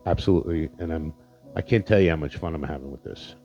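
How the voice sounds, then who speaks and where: Man, solo podcast host, low voice, dull lo-fi sound. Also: quick pace, dark tone, faint music behind. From Indiana, Pennsylvania, USA. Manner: rambling, profane, sincere, with many fillers. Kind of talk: casual solo podcast monologue. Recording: dull lo-fi dry recording.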